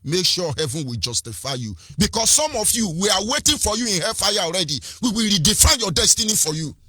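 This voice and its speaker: A man's voice: high-pitched, very animated, fast talker, sharp tone, breathy edge, no room sound, studio quality. A Nigerian man with a Nigerian accent giving an impassioned political address, firing rhetorical questions, repeating phrases and switching between languages. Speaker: activist speaker.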